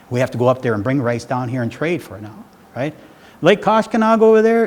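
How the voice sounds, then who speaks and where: A man's voice: mid-range voice, darkish tone. A middle-aged man giving a public talk as loose, rambling storytelling, often checking in with "right?". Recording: hall reverb with faint background noise.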